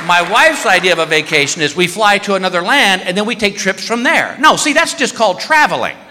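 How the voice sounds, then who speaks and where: Middle-aged male comedian, animated storyteller, bright voice, live hall reverb, faint audience noise. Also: sits high, brisk, a faint crowd. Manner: storytelling, animated, self-deprecating. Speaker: stand-up comedian. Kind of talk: stand-up comedy. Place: theater stage.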